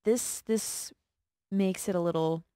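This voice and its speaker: A woman co-hosting a podcast from an office studio, chatting with quick interjections. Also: medium pitch, mellow, no echo. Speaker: podcast co-host. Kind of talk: casual chat. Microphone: studio dynamic microphone.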